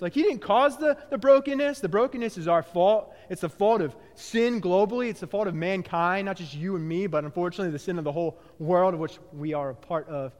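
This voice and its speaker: High-voiced male preacher in a hall. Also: fairly quick. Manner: animated preaching, swinging between loud bursts and quiet low phrases, frequent restarts. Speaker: pastor. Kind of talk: sermon.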